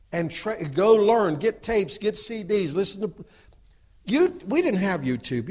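A middle-aged man preaches with fervor, and his voice sits a little higher than most men's. He swings between murmured asides and loud, driving exhortation. He keeps checking that his listeners agree with him. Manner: asks the audience for agreement. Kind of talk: sermon.

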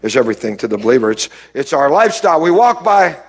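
A man preaching a sermon as a pastor, dropping low and quiet and then rising to emphatic, raised lines. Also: very animated, fast.

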